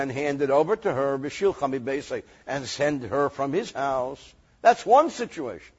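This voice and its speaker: Male rabbi, reading, lively joking lesson; raspy tone and a muffled, low-fi recording. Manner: animated, joking, reads Hebrew verses then translates. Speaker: rabbi teaching Torah.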